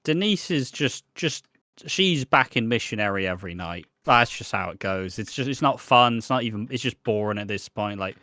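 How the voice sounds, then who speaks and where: A man co-hosting a casual soap opera podcast, joking and acting out characters' lines in a dry, deadpan way. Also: on the low side, moderate pace, no echo. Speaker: podcast co-host. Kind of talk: casual chat.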